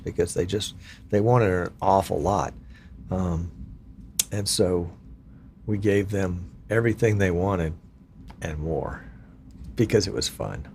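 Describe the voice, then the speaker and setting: A man's voice: low-pitched, slight background noise. A man in his sixties, from Virginia, hosting a casual live stream and chatting with viewers in a folksy, chatty, self-deprecating way.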